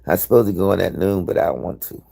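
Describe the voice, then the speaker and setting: Gravelly, husky man chatting candidly. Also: deep voice, fast, warm tone. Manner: candid, profane, rambling storyteller. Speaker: live-stream host. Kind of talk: casual live-stream chat.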